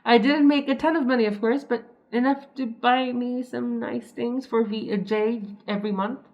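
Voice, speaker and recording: A woman's voice: on the high side, steady tone, moderate pace, muffled recording. A young woman reading an online post aloud and reacting to it in a chatty, giggly way, often breaking off to comment. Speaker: story reader and commentator.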